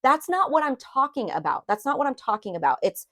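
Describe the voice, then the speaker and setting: A woman's voice: high-pitched, big pitch swings, fairly quick. A woman giving a casual spoken tarot reading, rambling and confiding, with many fillers and restarts, openly emotional as she talks about her own feelings. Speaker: tarot reader.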